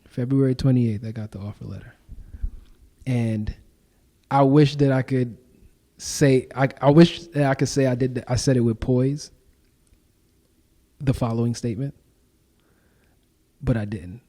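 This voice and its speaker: A young man talks in a relaxed, slangy way as the guest on his own podcast. His voice is mellow and dark at a middle pitch. He acts out the exchanges he retells. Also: measured pace, pauses often. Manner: animated storytelling, acts out quoted exchanges; casual slangy speech. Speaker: podcast host and owner being interviewed. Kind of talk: casual interview talk.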